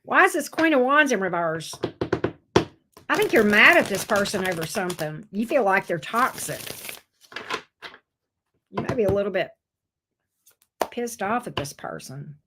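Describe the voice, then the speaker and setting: A woman's voice: mid-range voice, sing-song, moderate pace, long pauses, noisy background. A woman giving a casual tarot reading, blunt and sassy, swearing freely. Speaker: tarot reader.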